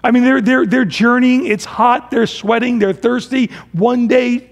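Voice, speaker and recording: Gravelly, high-voiced man preaching. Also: fairly even intonation, unhurried. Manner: dramatic, swings between loud emphasis and hushed low phrases; acts out the Israelites' complaints in a casual voice. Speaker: pastor. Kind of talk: sermon.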